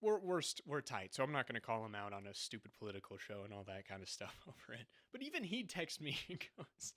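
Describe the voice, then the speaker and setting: A man's voice: medium pitch, big pitch swings, fast talker, hardly any pauses, fairly bright tone. A young man co-hosting a podcast, talking casually and sarcastically, often breaking into laughter as he mocks what he describes. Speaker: podcast co-host. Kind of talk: casual chat.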